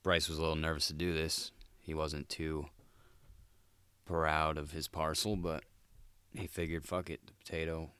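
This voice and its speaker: A man's voice: rumbling low, little pitch movement, moderate pace, sharp tone, clear, resonant tone, no room sound. A man hosting a solo comedic monologue, laid-back and crude, swearing often and calling listeners dude. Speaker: podcast host.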